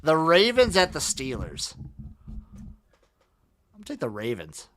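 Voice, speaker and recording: A man co-hosting a podcast, briskly running through football matchups and picks in casual chat. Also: on the high side, huge pitch swings, background noise. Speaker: podcast co-host.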